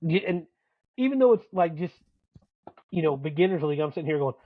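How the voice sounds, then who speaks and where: A man co-hosting a podcast, telling profane, animated stories in casual sports banter as a dad and coach. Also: a little high, a little fast, dry recording, narrow, tinny audio. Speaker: podcast co-host.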